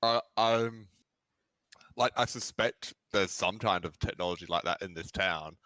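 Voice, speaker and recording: A man's voice: deep voice, a little slow, sharp tone, no echo. A man playing in an online tabletop game, speaking hesitantly and stammering through casual chat. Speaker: player.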